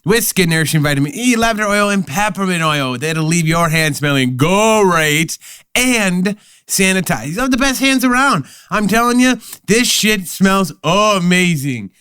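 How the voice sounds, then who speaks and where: Man giving a smooth, loose ad read. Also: sits high, expressive, moderate pace, pushed and bright, no echo, clean studio sound. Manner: loose, jokey ad delivery with playful asides. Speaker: podcast co-host reading ads. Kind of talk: casual podcast ad read.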